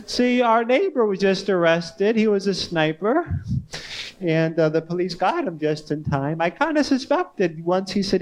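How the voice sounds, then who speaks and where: A man doing a stand-up comedy set in a club, with an odd sing-song delivery that leaps around, little giggles and a slow, halting, childlike way of telling stories. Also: high voice, expressive. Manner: slow, halting, wide-eyed childlike storytelling. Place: comedy club stage with audience laughter. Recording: faint hiss on a 1980s club tape.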